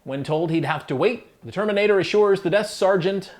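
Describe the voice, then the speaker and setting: Chatty guy hosting a countdown, kinda high voice, playful asides, faint hiss. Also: a little fast. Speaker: host. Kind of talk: casual countdown narration.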